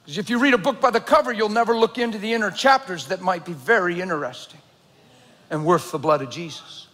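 A high-voiced man preaching in a large church, his words trailing off into a long hall echo. He tells stories with sudden loud, excited bursts, then drops to hushed, earnest tones. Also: brisk. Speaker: pastor. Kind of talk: sermon.

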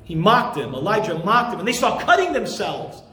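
A male pastor preaching a sermon with passion and emphasis, at times rising to shouts. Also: high voice, wildly swooping pitch, normal speed, echoey room.

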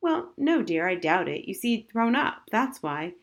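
A woman's voice: mid-range voice, very animated, normal speed, voice pushed up. A woman voicing an airy, absent-minded mother who calls people dear, in a storybook reading. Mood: amused.

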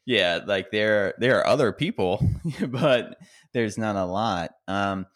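A man co-hosting a podcast, telling a long, rambling story in casual chat with lots of fillers and shouted quotes. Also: slow. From rural America. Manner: rambling, animated, acts out quotes in a high yell. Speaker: podcast co-host.

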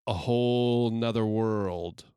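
A man's voice: lowish voice, slow, warm tone, clean tone, no echo, studio quality. A man co-hosting a podcast in an easygoing, rambling, self-deprecating way. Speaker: podcast co-host. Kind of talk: casual chat.

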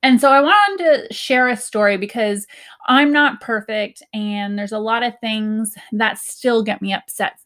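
Her voice is a little high, a little slow, and fairly bright as this young woman shares thoughts on healing directly with her audience. The earnest, chatty vlogger on spiritual self-help laughs frequently and quotes herself along the way.

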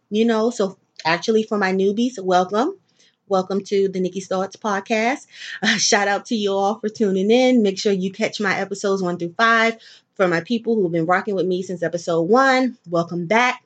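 A woman's voice: mid-range voice, moderate pace. A woman hosting her own podcast, chatting casually and tiredly, rambling and swearing as she tells stories. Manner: profane, rambling, animated storytelling. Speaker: podcast host. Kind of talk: casual solo podcast chat.

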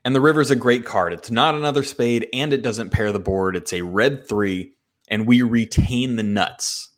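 A man hosting a solo podcast, walking through a hand he played with animated, self-mocking storytelling. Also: mid-range voice, moderate pace. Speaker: podcast host.

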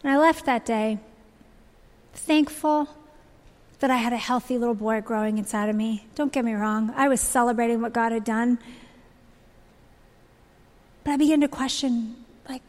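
A woman's voice: a little high, steady tone, normal speed, pauses often. A woman in her thirties sharing a heartfelt personal testimony to a church audience. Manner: earnest, heartfelt storytelling. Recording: long reverb of a large hall.

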